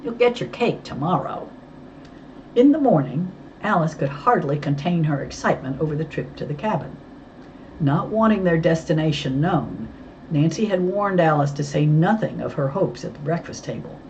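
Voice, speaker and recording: A woman narrating a storybook as an audiobook reader, with an expressive, clear reading. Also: low voice, normal speed, highs cut off, a little hiss or hum.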